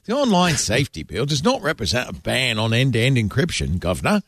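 A man's voice: medium pitch, huge pitch swings, a little fast, a bit bright, slightly rough, dry recording, heavily acted. A stuffy, pompous British official, as a man puts him on, mocking in tone. His put-on British accent swoops up and down. The sound is dry and close.

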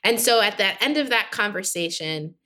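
A woman guest on a podcast, telling a personal story with animated acted-out dialogue. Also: mid-range voice, normal speed. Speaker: podcast guest, friendship expert. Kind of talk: casual conversational interview.

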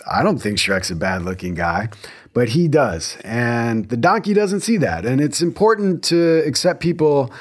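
A man hosting a podcast in casual, rambling chat, full of restarts and little jokes. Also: medium pitch. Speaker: podcast host.

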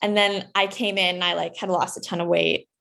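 A woman's voice: fairly even intonation, a little fast, vocal fry, a bit bright. Chatty young woman acting out her own past lines. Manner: candid and chatty, acts out past dialogue in a higher voice. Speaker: podcast guest. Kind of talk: casual chat.

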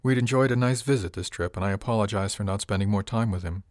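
A male audiobook narrator with a low voice reading first-person fiction. His storytelling is measured and even. The recording is dry and close, with no room around it. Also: dry recording.

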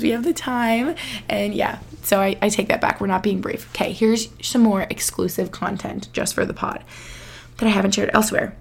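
A woman's voice: mid-range voice, steady tone, a little fast, vocal fry, breathy edge. A young woman from the United States hosting a podcast, telling a long story in a chatty, rambling way full of "like"s. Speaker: podcast host. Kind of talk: casual chat.

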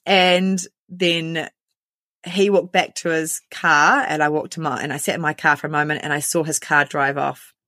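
A woman's voice: low-pitched, flat delivery, bright, forceful tone, no echo, clean studio sound. A woman, candidly retelling a personal ordeal and acting out the lines of everyone in it. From New Zealand. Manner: candid, quick, full of quoted dialogue. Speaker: interviewee. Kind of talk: recounting a personal story.

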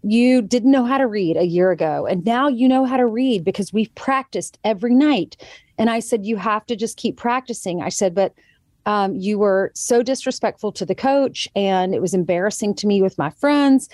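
A woman speaks in an earnest, storytelling way and often slips into quoted voices as she recounts family moments. Her pitch sits in an ordinary middle range. The recording is dry and close, with no room sound. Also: normal speed, darkish tone, dry recording. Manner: earnest storytelling, quoting others in changed voices. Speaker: guest, author and TV co-host. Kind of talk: casual conversation.

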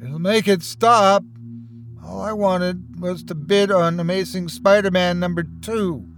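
A man's voice: high voice, fairly even intonation, a little slow, voice pushed up. A man voicing a guilt-ridden, despairing man who mumbles.

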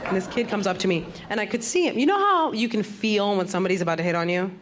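A woman's voice: medium pitch, animated, quick pace. A woman comedian performing a stand-up set, telling a story with wry, punchy delivery. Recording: live comedy club recording, loud crowd and noise. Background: loud audience laughter.

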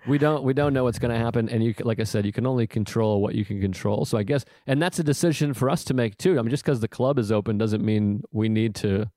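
A man talks easily with a guest on his podcast, jokey and a little rambling, dropping swear words as he goes. His voice sits at a middling pitch and is recorded close and dry, with no room sound. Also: fast, few pauses, dark tone, dry recording. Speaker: podcast host, comedian. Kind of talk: casual podcast chat.

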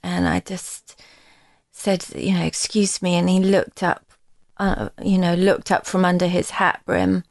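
Halting woman telling her story. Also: on the low side, fairly even intonation, vocal fry, darkish tone, dry recording. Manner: rambling, halting storytelling with many restarts. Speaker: musician guest. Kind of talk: casual interview chat.

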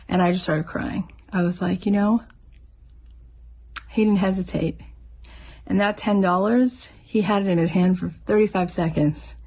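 Woman, middle-aged, podcast host, earnest motivational talk, lowish voice. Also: slightly rough. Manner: warm, earnest, storytelling.

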